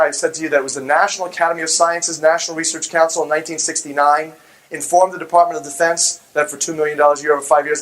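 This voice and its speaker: A man's voice: fairly high pitch, low-quality recording. Fervent man telling a story. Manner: animated storyteller who acts out quoted voices; fervent, religious tone. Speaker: public speaker. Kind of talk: storytelling public talk.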